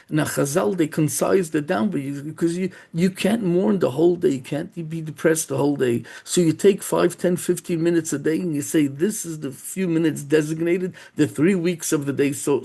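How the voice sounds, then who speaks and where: A rabbi tells a story in a sermon in a gravelly, husky voice that sits a little high for a man. His tone is dark and mellow, and his delivery is halting, with many restarts and repeated words.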